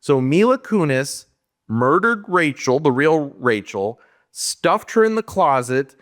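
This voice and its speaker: Man, podcast co-host, casual movie chat, lively swinging pitch, exasperated rants. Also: slow pace. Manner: animated, exasperated ranting with rhetorical questions.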